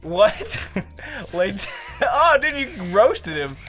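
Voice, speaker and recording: Goofy male gameplay commentator with a lively voice that swoops up and down, joking casually over faint game music. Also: very slow. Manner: goofy, jokey, swoops in pitch. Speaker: let's play commentator.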